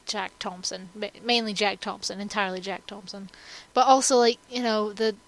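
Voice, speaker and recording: A woman chatting casually as a co-host, rambling through animated analysis. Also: medium pitch, moderate pace, poor audio. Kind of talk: casual chat.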